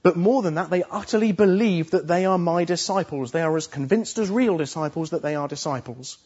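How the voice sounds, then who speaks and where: Male preacher, earnest and emphatic, somewhat high voice, muffled lo-fi sound. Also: a little fast, darkish tone, husky. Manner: earnest, emphatic, repeats phrases for stress. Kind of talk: sermon.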